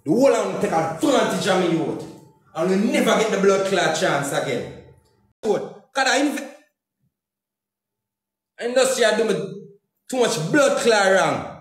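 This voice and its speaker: A Jamaican man rants on social media, heated and full of curses, circling back to the same phrases again and again. His voice sits high for a man. The sound rings hard off the walls of a very echoey room. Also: animated, normal speed, pauses often. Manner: heated, cursing, repeating phrases in Jamaican Patois. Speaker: comedian and YouTuber. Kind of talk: angry social media rant.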